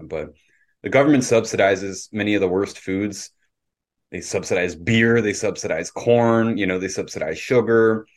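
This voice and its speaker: Low-voiced opinionated man. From Canada. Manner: opinionated, lecturing. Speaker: podcast host. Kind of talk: casual podcast discussion.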